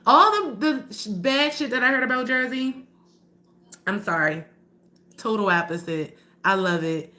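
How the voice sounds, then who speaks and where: A woman's voice: mid-range voice, animated, measured pace, pushed and bright. A woman on a live stream telling her own story to viewers, blunt and profane, calling them y'all and pushing back at doubters. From Baltimore area. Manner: heated and confrontational.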